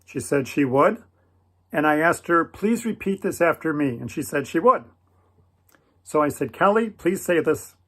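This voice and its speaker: A man telling a personal story in an earnest, gentle, preacherly way, repeating blessings and prayers. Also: fairly high pitch, lively intonation, normal speed. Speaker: Christian video creator.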